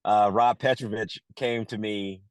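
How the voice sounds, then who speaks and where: A middle-aged man, an actor who also directed, telling a casual story in an interview, lively and full of restarts. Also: lowish voice, measured pace, clean tone, no room sound. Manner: animated, acts out quotes, many restarts.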